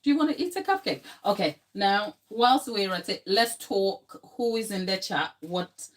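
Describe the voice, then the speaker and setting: A woman's voice: medium pitch, animated, moderate pace. A young adult woman baker hosting a live tutorial, chatty and emotional, laughing often and talking to her chat, a little tired.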